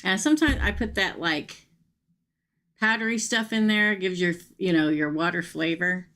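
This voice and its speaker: A woman's voice: fairly low pitch, moderate pace, sharp tone. A middle-aged woman hosting a live-streamed tarot reading, chatty and emphatic, often checking in with her viewers. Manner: chatty and emphatic, frequent "okay?" asides.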